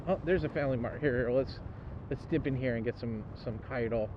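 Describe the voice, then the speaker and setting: A soaked, chilled man vlogging a motorcycle trip, talking to camera in a loose, rambling way and swearing freely. His voice sits in an ordinary middle range. The audio is dull and lo-fi, with steady wind and road noise under it. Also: mid-range voice, a little fast. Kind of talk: casual vlog talk to camera. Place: outdoors on a motorcycle and inside a convenience store.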